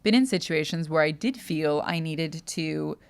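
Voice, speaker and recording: A young adult woman co-hosts a casual podcast chat. Her voice sits low with a gravelly, fry-tinged edge. She speaks in a thoughtful, halting way, trailing off and restarting her sentences as she works through ideas. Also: lively intonation. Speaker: podcast co-host.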